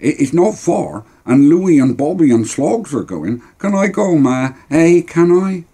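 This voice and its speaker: An eager young boy pleads and wheedles in a high, lively voice, put on by a grown man reading a story aloud. The voice stays husky and mellow underneath. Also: unhurried, full character voice. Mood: pleading.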